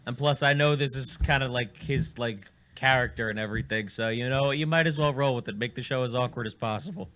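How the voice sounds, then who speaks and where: A man runs a loose, profane studio chat and needles his guests as they talk. His voice sits at an ordinary middle pitch and his delivery is animated. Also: brisk, few pauses, a little hiss or hum. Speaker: radio show host. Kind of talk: casual studio banter. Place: radio studio.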